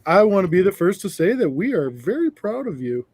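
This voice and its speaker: Man, high voice, joking, casual live-stream chat. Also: brisk, dry recording. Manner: joking, animated storyteller. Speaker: stream co-host.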